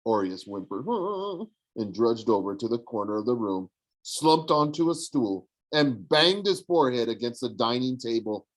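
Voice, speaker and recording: Brief: male audiobook narrator, steady storytelling, mid-pitched. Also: low-quality recording. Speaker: audiobook reader.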